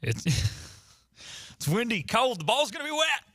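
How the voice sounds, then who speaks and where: A man on a radio show doing an impression of an overexcited male weather reporter in a high, exaggerated voice of mock alarm. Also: big pitch swings, slow pace, bright, forceful tone, no room sound, studio quality, full character voice.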